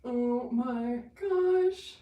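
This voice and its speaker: This young livestream host is still a little winded from running as she chats with viewers, bubbly and gushing. Her voice sits high with lively intonation and drawn-out words. The recording is muffled, in an echoey room, away from the mic.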